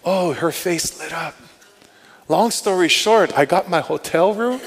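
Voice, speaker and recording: A male pastor telling stories in a sermon, animated, acting out what people said and thought. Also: high-pitched, a little slow, background noise. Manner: animated, acts out quotes and inner thoughts. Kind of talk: storytelling sermon. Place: church sanctuary. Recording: long hall reverb.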